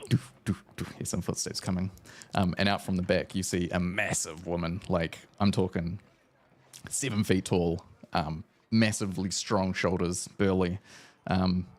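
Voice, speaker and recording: Low voiced guy gm-ing a tabletop game, rambly, lots of um and like. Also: steady tone, unhurried. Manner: casual, rambling, lots of fillers. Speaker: game master.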